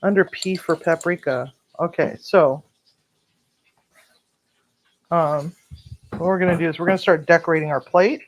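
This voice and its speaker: Pausing often and speaking a little slowly, a home cook running a cooking channel tells an animated story from her home kitchen, blunt and full of swearing. Her mid-range voice has fairly even intonation. Noise fills the home recording.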